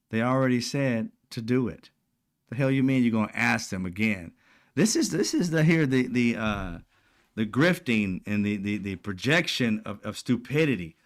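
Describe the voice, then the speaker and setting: A man's voice: mid-range voice, lively intonation, normal speed. A man hosting casual political commentary, talking bluntly with profane slang and a mocking, sarcastic edge. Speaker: commentary channel host.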